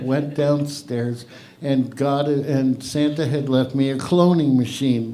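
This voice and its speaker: A man's voice: fairly high pitch, dark tone. A middle-aged man hosting an open mic, telling a long stand-up joke in a rambling, profane way with lots of self-interruptions. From half English, half Irish. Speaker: open mic host and comedian. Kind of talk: stand-up comedy. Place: live comedy venue with audience.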